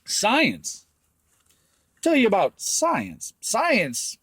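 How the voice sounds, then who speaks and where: A man on a crude, swear-heavy rant, his pitch swinging up and down as he talks. The voice is fairly high for a man and sounds dry and close, with no room echo. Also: wildly swooping pitch, drawn-out words, a bit bright, slightly rough. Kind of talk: profane rant to camera.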